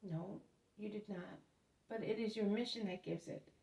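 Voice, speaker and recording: A woman's voice: medium pitch, normal speed, vocal fry, warm tone, close to an everyday voice. A woman voicing an earnest, devoted young man who pleads to follow his cousin, in a storybook reading. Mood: pleading. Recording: roomy echo, mic at a distance.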